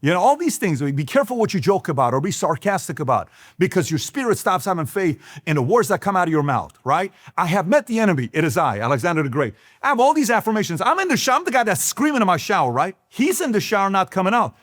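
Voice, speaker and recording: A man's voice: high-pitched, sing-song, quick pace, hardly any pauses, fairly bright tone, no room sound, studio quality. A man, hosting a business talk and speaking emphatically to camera, full of rhetorical questions. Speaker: business talk show host.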